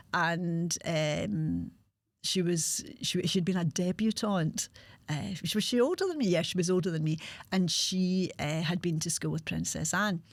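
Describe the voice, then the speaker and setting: A woman in her sixties with a Glasgow accent, hosting a podcast and telling her own life story frankly, with halting restarts. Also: fairly low pitch, no room sound. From Scotland. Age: 60s. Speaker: podcast host. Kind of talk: candid personal storytelling.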